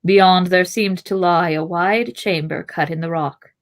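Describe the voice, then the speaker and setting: A woman's voice: fairly low pitch, unhurried. Woman narrating a fantasy novel aloud. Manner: expressive narration, chatty asides. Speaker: podcast host and reader. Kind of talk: reading a novel aloud with asides.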